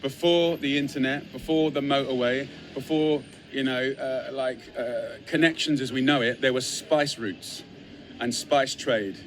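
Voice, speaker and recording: An English man speaks straight into his phone with eager, piled-up lists and repeated phrases. His voice sits at a middling pitch, and a faint hum of traffic and shop bustle runs behind him. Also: fairly even intonation, measured pace. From England. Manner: enthusiastic, piles up emphatic lists and repeats phrases. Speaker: chef. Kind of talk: casual talk to a phone camera. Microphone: phone camera.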